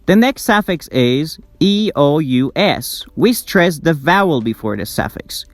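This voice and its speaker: A man teaches English word stress in a slow, deliberate lesson, reading word lists aloud one by one. His voice sits a bit high and swings widely in pitch. It is recorded dry and close, with faint music underneath. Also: very animated, dry recording.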